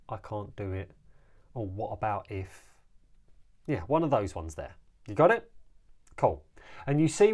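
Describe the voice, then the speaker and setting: Lively, animated male life coach. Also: mid-range voice. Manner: energetic, coaching the listener directly with quick restarts. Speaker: life coach and podcast host. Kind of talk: solo coaching podcast talk.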